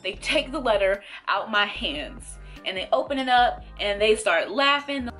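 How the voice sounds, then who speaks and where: A young woman vlogger telling a storytime to camera in a casual, animated way, acting out the voices of the people in it. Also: mid-range voice, unhurried, soft background music. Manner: animated, acts out quoted voices, laughs between lines. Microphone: camera mic.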